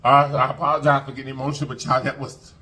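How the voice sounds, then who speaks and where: Male vlogger, bright forceful voice, heartfelt storytime, colloquial and repetitive. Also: medium pitch, flat delivery, rapid-fire. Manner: heartfelt, repeats phrases, thanks God often; colloquial, addresses viewers as y'all. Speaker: mukbang vlogger. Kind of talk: emotional storytime to viewers.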